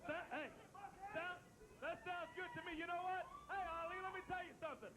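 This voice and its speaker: A man's voice: extremely high pitch, fairly even intonation, fairly quick, over music. A man introducing a wrestler at a wrestling show, then trading blunt challenges in the ring.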